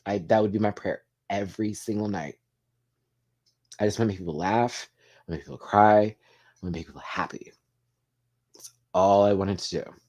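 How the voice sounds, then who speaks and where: A livestream host runs a casual chat, choked up and tearful as he reads through comments. His slightly low, somewhat mellow voice carries an open, heartfelt tone, and he swears freely along the way.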